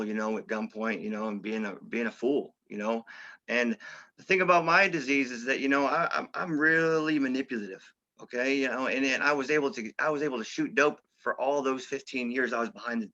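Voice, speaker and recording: A man's voice: mid-range voice, pushed and bright. A middle-aged man giving an interview about his past, talking casually with lots of "you know" and "okay?" and some street slang. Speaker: interview guest. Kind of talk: candid recovery story. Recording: slightly dull, lo-fi audio.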